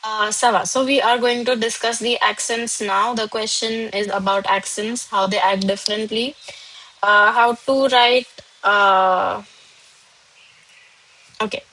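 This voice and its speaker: Slow-speaking woman teaching French online. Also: medium pitch, fairly even intonation, sharp tone, poor audio. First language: not French. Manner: unhurried, mixes English and French, calls on students from chat. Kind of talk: live online doubt-solving class.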